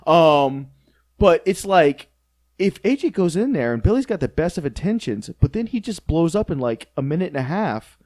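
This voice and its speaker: A man's voice: on the high side, big pitch swings, moderate pace, a little mellow. A man hosting a casual podcast, rambling, laughing often and stumbling over his words. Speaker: podcast host.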